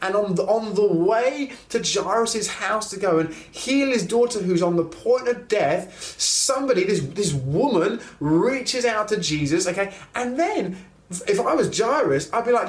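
A man preaching a sermon in a conversational storytelling way, slowing down to press key lines. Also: high-pitched, lively intonation. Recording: roomy echo.

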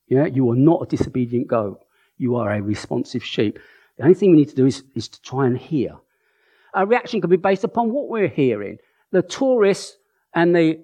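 A man's voice: fairly high pitch, a little mellow. A man preaching a conversational sermon, often checking in with his listeners and acting out the voices in his stories.

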